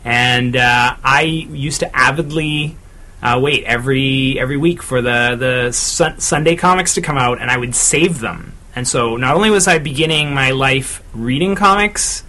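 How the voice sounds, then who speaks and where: A man from Canada, a podcast co-host, chatting casually and pausing often with "uh" as he recalls things. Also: medium pitch, pushed and bright. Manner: chatty, many "uh" pauses while recalling. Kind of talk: casual chat.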